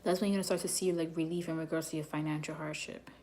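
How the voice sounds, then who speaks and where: A woman's voice: low voice, fairly even intonation, fast, darkish tone, slight background noise. A woman chatting casually on a livestream as a psychic reader, laughing often and sometimes dropping to near whispers. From New York.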